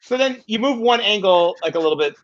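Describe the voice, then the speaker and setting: Fast, animated husky-voiced man. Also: sits high, dull audio. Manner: animated, fast, repeats "right?". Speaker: podcast guest. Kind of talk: casual chat.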